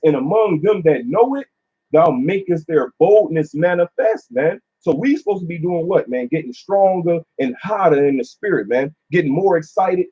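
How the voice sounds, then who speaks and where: Husky, dark-voiced man preaching casually. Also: sits high. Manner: preachy, filler-heavy, repeats "man". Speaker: group teacher. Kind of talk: casual religious discussion. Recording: dull lo-fi recording.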